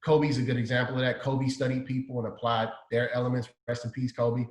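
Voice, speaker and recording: A man's voice: medium pitch, level tone, brisk. A man from Chicago's South Side, a designer telling a story in an interview, animatedly acting out the dialogue he quotes. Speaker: guest, designer. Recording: echoey room.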